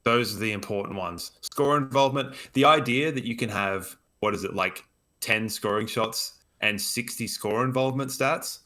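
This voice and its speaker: A man's voice: lowish voice, moderate pace, sharp tone. A man co-hosting a casual sports podcast, talking in an emphatic, opinionated way. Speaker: podcast co-host.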